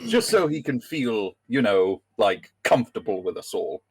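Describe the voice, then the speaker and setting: Brief: man playing a hesitant conman, low voice, plenty of ums. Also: big pitch swings, slightly rough, no echo, exaggerated voice, poor audio. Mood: friendly. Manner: hesitant, halting, full of fillers. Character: smooth-talking male rogue named Bill.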